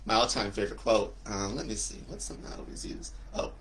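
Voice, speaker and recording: A man's voice: fairly low pitch, animated, fast talker, gravelly, hardly any pauses, a bit bright. A middle-aged man hosting a casual livestream, joking and campy, greeting viewers by name with big upward swoops in his voice. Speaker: livestream host and coach.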